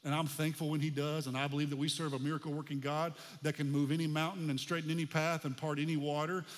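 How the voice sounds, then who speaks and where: Male pastor, 40s, folksy conversational preacher, slightly higher voice, church reverb. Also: flat delivery, quick pace. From United States. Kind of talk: sermon.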